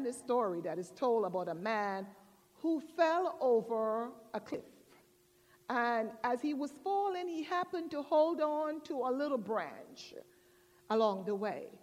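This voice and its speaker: A woman pastor preaching a sermon, telling stories with drawn-out, expressive emphasis. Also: sits high. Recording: long church reverb.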